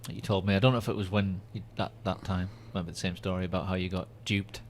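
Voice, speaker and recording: A British man hosting a podcast in casual chat, laughing often and tossing in quick reactions. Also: low voice, flat delivery, slight background noise. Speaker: podcast host.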